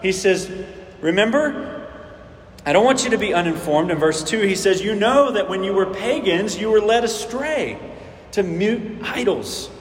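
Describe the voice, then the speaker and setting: A man delivers a sermon in a relaxed, conversational way, tossing rhetorical questions at his listeners and restarting phrases as he goes. His voice sits a little high for a man. The sound is roomy, with a long reverb tail from the church hall. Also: normal speed, a little hiss or hum. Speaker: pastor.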